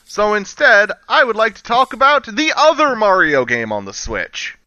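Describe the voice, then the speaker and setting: An enthusiastic man talks games with a very bright, lively voice that climbs and drops a lot. His mic sounds dull and lo-fi, and the sound is dry, with no room around it. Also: high-pitched, normal speed, dry recording. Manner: animated, enthusiastic, casual swearing. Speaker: podcast co-host. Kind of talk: casual gaming chat.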